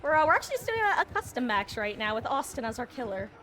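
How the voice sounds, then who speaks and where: A woman's voice: a little high, big pitch swings, fast, noisy background. A woman streaming a multiplayer game, chatting casually with viewers and teammates and laughing often. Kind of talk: casual gameplay commentary.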